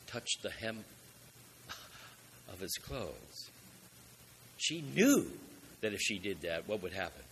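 Male preacher, low and lively pitch, emphatic sermon delivery, faint background hiss. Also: slow pace, long pauses. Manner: rhetorical questions, emphatic swells in volume.

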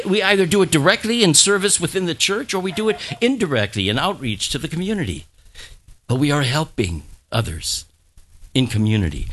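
Lively, bright-voiced pastor preaching. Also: male voice, fairly high pitch. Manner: conversational, repeats phrases, leads the congregation in call-and-response. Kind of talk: sermon.

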